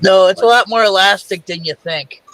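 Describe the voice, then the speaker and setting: A man's voice: high voice, normal speed, a bit bright, no room sound, low-quality recording. A man joking and teasing others in casual podcast banter. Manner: teasing, wisecracking.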